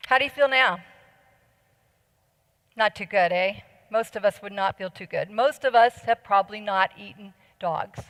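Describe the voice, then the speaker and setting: A woman's voice: medium pitch, normal speed. Earnest woman speaking in a big hall. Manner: earnest, persuasive, asks the audience questions. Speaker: conference speaker. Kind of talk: conference talk. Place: large conference hall. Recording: long hall reverb.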